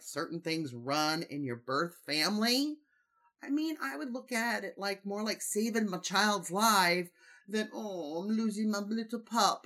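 A chatty host gossiping through reality TV cast blogs in a snarky, comedic tone. The talk is loose and full of fillers, broken up with laughs and sudden jumps in pitch for emphasis. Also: pushed and bright. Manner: snarky, gossipy, lots of "like" and "I mean"; laughs between jokes. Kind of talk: comedic commentary and blog reading.

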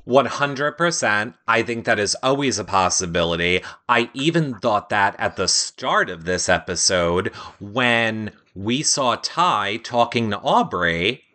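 Animated male co-host, bright voice, lively pitch, acts out quotes. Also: measured pace, few pauses. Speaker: podcast co-host. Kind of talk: casual recap chat.

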